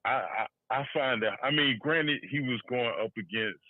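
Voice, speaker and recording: A man co-hosting a podcast, chatting casually about politics with loose, halting restarts and laughs. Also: medium pitch, no echo. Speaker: podcast co-host. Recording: tinny phone-line audio.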